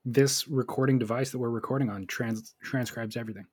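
Male co-host, mid pitch, dry booth sound, skeptical, easygoing agreement. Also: steady tone, fairly quick, a little mellow, breathy edge, no room sound. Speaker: podcast co-host. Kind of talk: casual chat.

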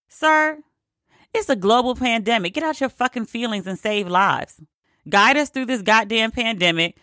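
A woman's voice: fairly high pitch, animated, normal speed, pushed and bright, no echo, studio quality. A woman ranting in a casual, profane, exasperated way, hammering her points with emphatic repetition. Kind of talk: opinionated casual rant.

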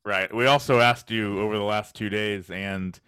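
A man's voice: on the low side, steady tone, moderate pace, bright, forceful tone, clear, resonant tone, dry recording, studio quality. A man co-hosting a sports podcast, asking questions in a conversational, lightly joking way. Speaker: podcast co-host, sports journalist. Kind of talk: casual podcast interview.

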